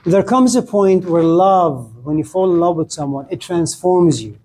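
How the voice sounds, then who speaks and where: A man's voice: high-pitched, normal speed, a little mellow, slight background noise, rough recording. A man giving a philosophy lecture to a class, talking conversationally and often checking in with "okay?". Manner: conversational, frequent "okay?" check-ins, acted quotes.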